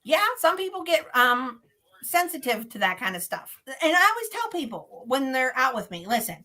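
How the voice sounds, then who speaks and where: A woman with a bright, fairly high voice tells a spooky story. She is animated and laughs easily, and she acts out the people in her story. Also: normal speed, poor audio. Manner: lively, laughs often, acts out others' lines. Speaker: paranormal investigator guest.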